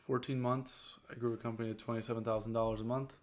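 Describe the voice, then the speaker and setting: A man's voice: medium pitch, little pitch movement, fast. A young man, a detailing business owner talking casually to camera, rambling with many fillers as he coaches viewers. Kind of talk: casual vlog talk.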